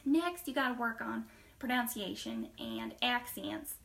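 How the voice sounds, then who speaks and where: A woman acts out a self-assured acting coach with a put-on Southern accent, rattling off advice in a fairly high voice. She stresses each point and slips into quick whispered asides. Her voice sounds a little distant from the mic. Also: huge pitch swings, vocal fry, a bit bright, slight background noise, full character voice. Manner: brisk, listy, emphatic with sudden drops to a whisper. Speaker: acting trainer in a class skit. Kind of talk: comedic skit interview.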